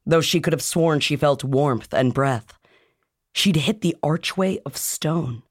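A woman's voice: low-pitched, slow pace, no echo, studio quality. A woman co-hosting a book podcast who jokes, swears and acts out the characters' lines in playful voices. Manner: animated, jokey, swears, jumps into playful voices. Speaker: podcast co-host. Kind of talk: casual book discussion.

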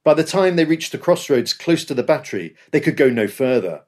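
A man's voice: a little high, very animated, fairly quick, darkish tone. A man reading scripted history narration with a dramatic storytelling delivery. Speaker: podcast host.

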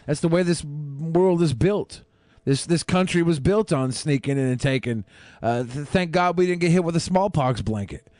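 A man's voice: on the high side, expressive, moderate pace, a little mellow, dry recording, studio quality. A man hosting a podcast panel, ranting emphatically and swearing freely. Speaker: podcast host. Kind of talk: casual panel chat.

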